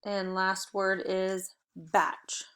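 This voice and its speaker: An upbeat young woman teaches a recorded phonics lesson for children. She gives clear, encouraging prompts at an even teacherly pace and cheers the kids on between words. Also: medium pitch, extremely slow.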